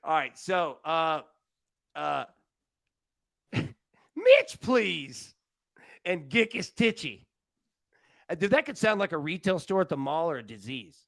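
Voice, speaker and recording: A man hosting a sports betting show, energetic and joking in casual, rambling chat. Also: a little high, unhurried, gravelly, pauses often, no echo.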